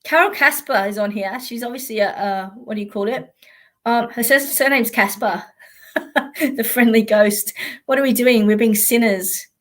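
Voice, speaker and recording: A woman's voice: a little high, normal speed. An Australian woman, a psychic, chatting casually on a live stream in a blunt, sweary way and often laughing.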